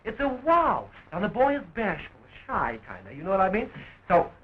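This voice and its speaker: A man's voice: high-pitched, huge pitch swings, moderate pace, husky, exaggerated voice. An actor playing a joking young man who fights to free his sweetheart, in early talkie film style, with a dull, scratchy 1920s film sound.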